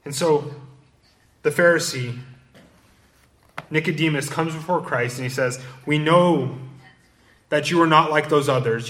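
A man's voice: a little high, a bit bright. A man preaching an expository sermon, quoting verses and explaining them. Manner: expository preaching, quotes and rereads scripture. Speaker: pastor.

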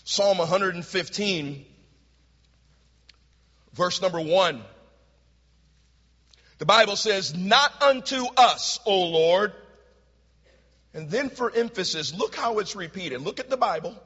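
A man preaching with a very high, bright voice, taking his words slowly and with weight. He moves between ringing shouts and near-whispered asides. The sound is dull and lo-fi, with a long reverb from a large hall. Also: lively intonation, husky. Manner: preaching with dramatic swings from loud shouts to hushed tones. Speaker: pastor. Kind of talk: sermon.

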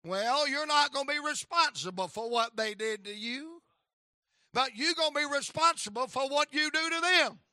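A man preaching a sermon in impassioned bursts, with rhythmic repetition and sudden shouts. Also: very high-pitched, normal speed, no echo, studio quality.

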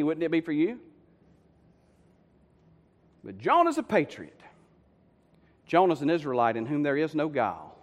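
A man preaching a sermon, telling the story with lively, conversational asides to the congregation. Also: a little high, lo-fi sound. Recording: long hall reverb.

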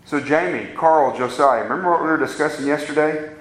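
A man's voice: medium pitch, a bit bright. Emphatic preaching man, echoey room. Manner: preaching with rising emphatic peaks and slow, drawn-out stresses. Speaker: pastor. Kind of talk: sermon.

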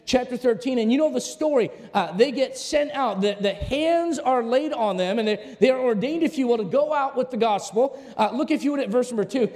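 A man delivers a sermon from the pulpit, his voice pitched high for a man. He preaches animatedly, throwing questions at the congregation and climbing to shouts. A long reverb from the hall trails each phrase. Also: animated, a little fast, hardly any pauses. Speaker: pastor. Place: church sanctuary.

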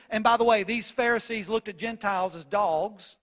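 A man preaching an expository sermon in an earnest way. He reads scripture in old-fashioned wording and builds to loud proclamation. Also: high voice, normal speed, few pauses. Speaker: pastor.

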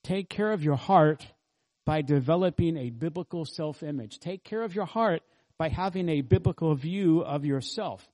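A man's voice: a little high, normal speed, darkish tone. A man pastor preaching an expository sermon, earnestly teaching and asking the congregation rhetorical questions.

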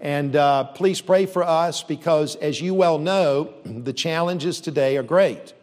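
A man leading a university gives an earnest, steady talk at a church, frequently restarting and using fillers. His voice is on the high side with a darkish tone, and he speaks slowly. The recording has a long reverb.

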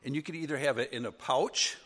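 A man's voice: mid-range voice, fast. Folksy Wisconsin man in a reverberant hall. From northern Wisconsin. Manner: folksy, animated, acts out funny voices. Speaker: Sunday school teacher. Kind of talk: storytelling lesson.

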